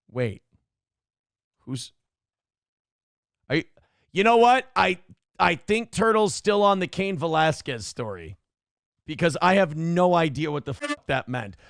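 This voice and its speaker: Animated, gravelly-voiced male streamer. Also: on the high side, takes it slowly, pauses often, no room sound, clean studio sound. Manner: mocking, taunting, profane banter. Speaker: live stream host. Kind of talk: live stream chat reading.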